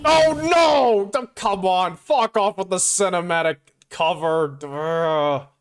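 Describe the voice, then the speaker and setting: A streamer giving loud, excitable live reactions to game trailers, swearing and exclaiming. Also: mid-range voice, takes it slowly, clear, resonant tone, soft background music.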